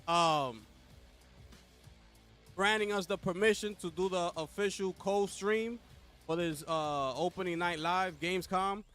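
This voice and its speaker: High-voiced hyped streamer man. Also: unhurried, long pauses, a bit bright, soft background music. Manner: hyped, talks straight to chat with repeated slang call-outs. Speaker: livestream host. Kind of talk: casual live co-stream chat.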